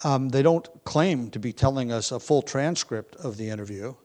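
A man teaching a Bible study, talking in a relaxed, conversational way with frequent pauses and restarts. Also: medium pitch.

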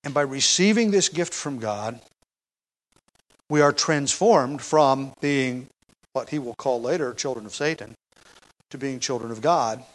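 A man's voice: mid-range voice, expressive, a little slow, long pauses, poor audio. A middle-aged man teaching an expository sermon on a Bible passage, talking conversationally and leaning hard on key phrases. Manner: conversational teaching, stresses key phrases, frequent fillers and restarts.

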